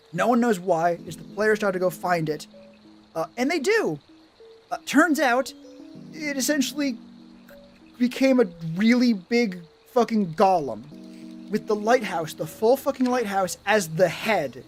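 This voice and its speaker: A man's voice: high voice, measured pace, long pauses, soft background music. A man streaming, chatting casually about running tabletop games, swearing often and answering chat. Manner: profane, animated, rambling, reading chat. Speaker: streamer giving tabletop game advice.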